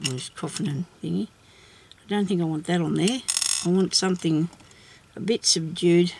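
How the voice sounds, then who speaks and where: A woman hosting a casual craft tutorial, chatting and thinking aloud as she works, with soft laughs to herself. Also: lowish voice, steady tone, moderate pace, vocal fry, a little hiss or hum. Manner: rambling, chatty, thinks aloud while working.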